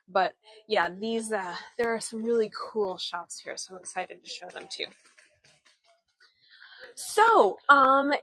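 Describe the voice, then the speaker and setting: Walking through old-town streets outdoors, a thirtysomething woman from the Pacific Northwest and Midwest of the US live-streams a tour from her phone. She sounds chatty and enthusiastic, using lots of fillers, in a medium-pitched, fairly bright voice; the audio is poor but has no echo.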